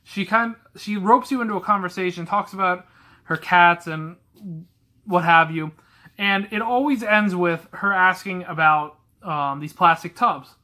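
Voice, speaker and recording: Young guy, fairly high and bright, forceful delivery, blunt, candid storyteller. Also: measured pace. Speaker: vlogger telling stories about a past retail job. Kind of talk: casual storytelling to camera.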